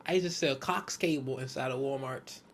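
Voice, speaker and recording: A young man from Rhode Island on a casual podcast, bantering loudly in slang and laughing through his lines. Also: medium pitch, a little fast, a little hiss or hum. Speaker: podcast co-host. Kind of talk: casual chat.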